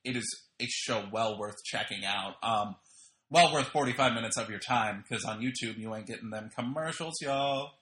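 A man's voice: medium pitch, moderate pace, a bit bright, echoey room. A man hosting a podcast, giving a casual, opinionated spoken review full of slang and fillers. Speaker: podcast host reviewing wrestling. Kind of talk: casual audio review monologue.

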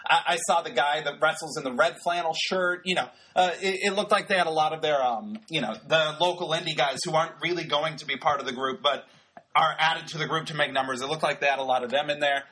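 A man talks through a wrestling episode in a loose, wry podcast style, full of ums and asides. His voice sits a little high and sounds bright and forward, with a faint husk to it. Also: fast talker, husky. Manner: chatty, wry, many fillers. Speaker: wrestling show reviewer. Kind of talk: casual podcast commentary.

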